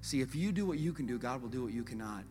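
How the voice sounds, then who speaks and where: A pastor preaches a sermon, telling the story in a lively, conversational manner and swinging between loud urgency and hushed emphasis while asking the congregation rhetorical questions. His medium-pitched voice moves fast, with a big-room sound and soft music in the background.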